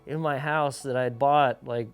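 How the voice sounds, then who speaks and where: A man's voice: medium pitch, steady tone, moderate pace, clear, resonant tone. A young man, a pro skateboarder, candidly telling his personal story in a casual, slangy way, filling his talk with "like" and acting out the lines of other people. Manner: casual, slangy, full of "like", acts out quoted dialogue.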